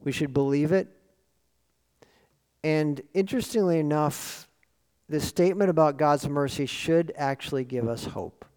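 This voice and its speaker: A man preaching a sermon in an earnest, lively way, often asking rhetorical questions. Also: fairly high pitch, measured pace, long pauses. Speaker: pastor. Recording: long reverb of a large hall.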